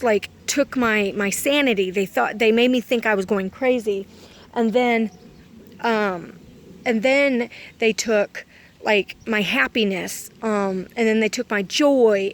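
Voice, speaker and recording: A woman's voice: on the high side, a little hiss or hum. Rambling woman recounting dreams. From Kentucky. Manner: rambling, self-correcting, full of "um" and "like". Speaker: vlogger. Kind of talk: casual storytelling of dreams.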